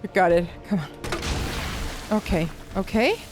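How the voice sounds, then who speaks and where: A woman's voice: mid-range voice, animated, slow, music in the background. A woman streaming a horror game live, talking to chat and often panicking with shrieks and laughter. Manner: panicky, frequent screams and laughter.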